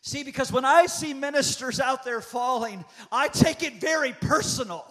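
A man's voice: very high-pitched, normal speed, bright, forceful tone. A man in his fifties preaching a prophetic sermon as a pastor, with impassioned, repetitive cadences. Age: 50s.

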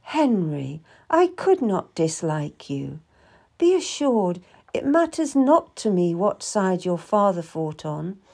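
A woman voicing a grieving Puritan widow, soft and earnest, in an audiobook reading. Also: lowish voice, big pitch swings, slow, gravelly, husky, exaggerated voice. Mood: sorrowful. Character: grieving Puritan widow, lonely, gentle and shy.

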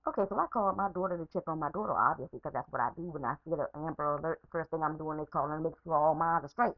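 A woman with a somewhat low voice vents in a heated, unscripted rant, swearing freely and circling back over the same words. It is a phone voice message with a dull, lo-fi sound. The room is dry, with no echo. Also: racing. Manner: profane, repetitive, heated. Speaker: podcaster.

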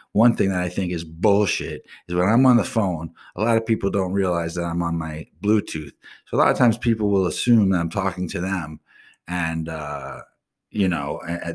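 A deep, low-pitched man rants on his own live stream show, cursing in nearly every sentence. He talks in blunt, casual slang and drifts into loose asides. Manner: swears constantly, blunt and ranting. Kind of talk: profane solo rant.

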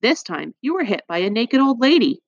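A woman's voice: on the high side, big pitch swings, a little fast, no room sound, dull audio, voice pushed up. A woman voicing a dry-witted boy in an audiobook, musing and teasing. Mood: correcting.

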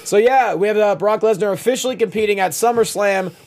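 A man co-hosting a recap show, chatting casually and animated, often laughing and reading out viewer comments. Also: sits high, a little fast. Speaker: co-host of a wrestling recap show. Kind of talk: casual chat.

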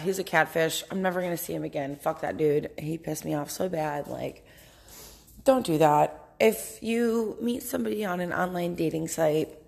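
Brief: young woman, hungover podcast host, blunt and profane, low-ish gravelly voice. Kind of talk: casual monologue podcast. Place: her house, indoors.

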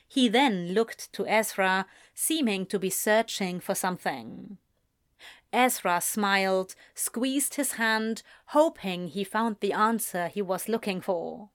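A woman narrating a story in a steady, measured way. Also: medium pitch, dry recording, clean studio sound. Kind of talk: storybook reading.

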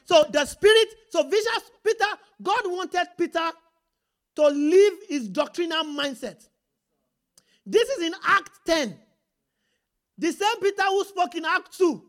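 A woman preaching an animated sermon, reading scripture aloud and calling out to the congregation. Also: very high voice, unhurried, long pauses.

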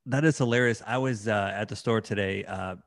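A man's voice: on the low side, a little fast, vocal fry, dry recording, clean studio sound. A man hosting a casual interview, enthusiastic and often restarting his sentences. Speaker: podcast host.

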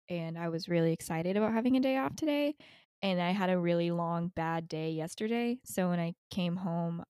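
A woman's voice: fairly low pitch, a little mellow, clean tone, no room sound, studio quality. A young woman co-hosting a podcast, chatting casually and rambling with frequent laughs. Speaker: podcast co-host. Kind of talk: casual chat.

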